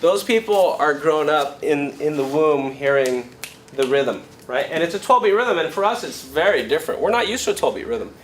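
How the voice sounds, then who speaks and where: A man who plays flamenco guitar, teaching a workshop in a casual, animated way, telling stories and counting beats aloud to a live audience. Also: a little high, moderate pace, background noise. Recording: guitar playing clearly heard behind voice.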